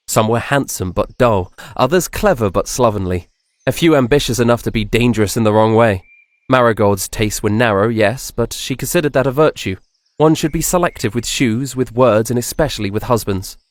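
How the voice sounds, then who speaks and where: A man with a lowish voice reads a fantasy story aloud in a measured, soft-spoken scripted narration. The sound is dry and close-miked, with no room echo.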